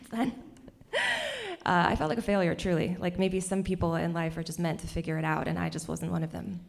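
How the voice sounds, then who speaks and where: A young woman telling a personal story on stage at a cultural center, animated and laughing often between lines. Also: fairly low pitch, moderate pace, creaky.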